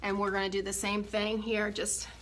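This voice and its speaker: A woman's voice: medium pitch, completely flat delivery, moderate pace, fairly bright tone, a little hiss or hum. A woman who refinishes furniture, chatting casually and enthusiastically to viewers through a phone camera while she paints, a little out of breath. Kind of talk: casual how-to painting demonstration.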